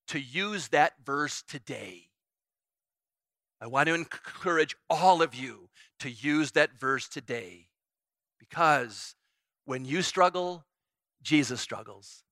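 A man's voice: mid-range voice, sharp tone, dry recording. A middle-aged man preaching a sermon as pastor, earnest and repeating phrases for emphasis.

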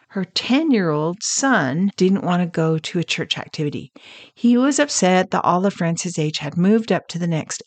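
A woman hosting a counseling podcast, calmly teaching and telling stories about clients. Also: on the low side, dry recording. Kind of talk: scripted teaching talk with stories.

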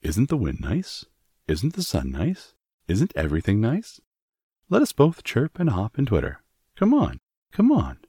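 A man's voice: on the low side, huge pitch swings, unhurried, mellow, slightly rough, no echo, clean studio sound, pitched above the performer's own voice, full character voice. A man voicing a small, friendly, eager robin in a storybook reading, bouncy and inviting. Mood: cheery. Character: tiny chirpy friendly robin, eager and bright.

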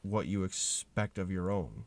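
A man appearing as a guest on a podcast, talking casually with halting, stammering restarts. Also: sits low, animated, a little mellow. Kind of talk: casual chat. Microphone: remote recording platform.

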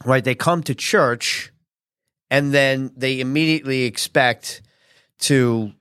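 A male pastor preaching in a relaxed, conversational way, often tossing tag questions to his listeners. His voice sits at an ordinary middle pitch. The sound is close and dry, with no room echo. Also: slow, clear, resonant tone. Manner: animated acted-out quotes. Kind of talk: conversational sermon teaching.

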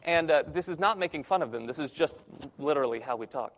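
A man's voice: a little high, animated, fast, a little hiss or hum. A young man, a church intern, preaching a conversational sermon with self-deprecating humor in a church sanctuary. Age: young adult.

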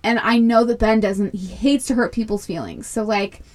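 A middle-aged woman with a slightly higher voice co-hosts a casual podcast chat. She tells a family story in a lively way and acts out the lines of the people in it. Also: normal speed. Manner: animated storytelling that acts out quoted family members. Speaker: podcast co-host and mother.

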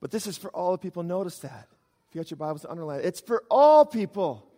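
Male pastor, animated sermon delivery, higher voice, long hall reverb. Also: racing. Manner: animated preaching, swings between loud emphasis and quiet asides.

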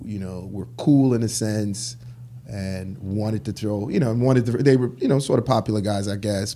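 A lowish male voice comes through with a slight hiss or hum. The speaker, a clothing store founder interviewed casually as a guest, brings his business stories to life by animatedly acting out the dialogue he quotes.

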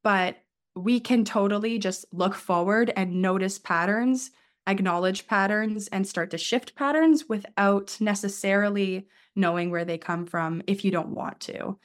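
A woman's voice: medium pitch, measured pace. A woman life coach speaking as an interview guest, explaining her approach and acting out the inner voices of her clients.

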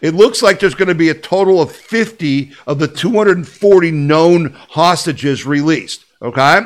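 A man's voice: fairly high pitch, unhurried. A man hosting an opinion podcast, talking emphatically and combatively, repeating his points and asking the listener rhetorical questions. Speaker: podcast host. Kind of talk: opinion commentary.

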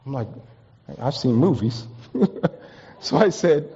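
A pastor from the East Coast preaching a sermon, telling stories with humor and building to emphatic peaks. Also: male voice, medium pitch, sing-song, unhurried, long pauses, warm tone, breathy edge. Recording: long reverb, dull lo-fi sound.

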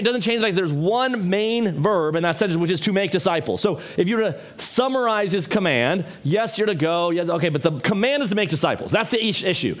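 Lively pastor preaching a sermon. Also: male voice, fairly high pitch. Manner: conversational, animated, self-deprecating humor. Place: church.

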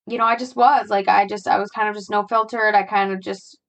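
A young adult woman speaks alone into her podcast mic, reflecting on her feelings. She talks in a halting, searching way, full of sighs and fillers, and her mid-pitched voice has a strong vocal fry. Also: steady tone, rough recording. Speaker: podcast host. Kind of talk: personal reflective monologue.

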